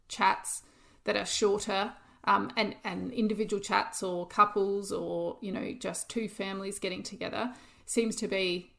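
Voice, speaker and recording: A woman's voice: mid-range voice, vocal fry, a bit bright. A woman co-hosting a podcast, chatting casually and practically with frequent laughs. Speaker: podcast co-host. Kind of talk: casual chat.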